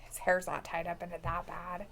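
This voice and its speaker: A woman's voice: fairly low pitch, monotone, normal speed, gravelly, fairly bright tone. A woman co-hosting a casual live reaction chat, laughing often and mimicking people in silly voices. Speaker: co-host reacting to a wrestling show.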